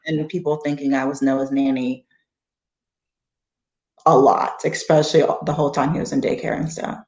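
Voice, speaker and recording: Woman co-host, low voice, candid storyteller, roomy echo. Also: steady tone, quick pace, darkish tone. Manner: candid storytelling, acts out quoted people. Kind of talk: casual chat.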